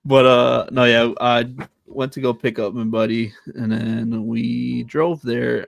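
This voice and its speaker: A young man telling a halting story in casual chat, stopping often with fillers and laughs. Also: mid-range voice, vocal fry, no echo. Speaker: podcast co-host.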